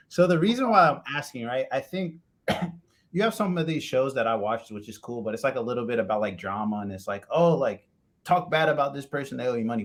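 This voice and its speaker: An American man hosting a casual interview, animated and jokey, often mimicking other people's voices. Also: mid-range voice. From United States. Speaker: podcast host.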